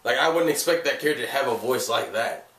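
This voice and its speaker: A man's voice: mid-range voice, animated, fast, fairly bright tone, a little hiss or hum. Casual anime vlogger, male, a cold and a cough, rambles and restarts, recorded from a distance in an echoey room. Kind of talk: casual review vlog. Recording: echoey room, away from the mic.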